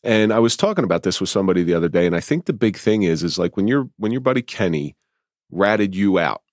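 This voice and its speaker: A man's voice: low-pitched, very animated, quick pace, no echo, studio quality. A man hosting a podcast interview, talking reflectively and thinking aloud, a former police officer. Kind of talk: interview conversation.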